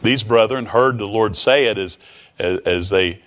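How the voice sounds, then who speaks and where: A man's voice: fairly low pitch, unhurried, fairly bright tone. A man preaching a sermon in a folksy, repetitive way, often chuckling.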